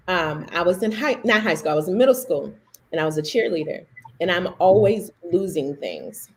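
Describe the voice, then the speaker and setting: Woman, 30s, ministry host; low-pitched, animated storyteller giving a personal testimony. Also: normal speed. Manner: animated storyteller, acting out remembered dialogue. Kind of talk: personal testimony to a livestream audience.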